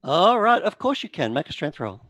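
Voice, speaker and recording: A man's voice: on the high side, a little fast, dry recording. A man narrating as game master of a tabletop horror game, with lots of uh and like. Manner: animated storyteller, with many fillers.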